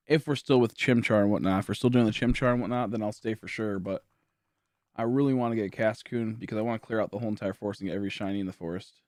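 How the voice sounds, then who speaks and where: A man's voice: lowish voice, quick pace, darkish tone, no room sound, studio quality. A tired young man streaming from home, chatting casually with viewers in a rambling, filler-heavy way as he thinks aloud. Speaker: game streamer. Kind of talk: casual livestream chat to viewers. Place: at home, indoors.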